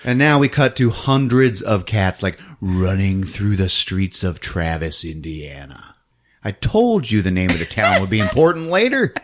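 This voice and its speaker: A man hosting a podcast, recapping a film in an animated, laughing storytelling style. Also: low voice, moderate pace. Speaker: podcast host.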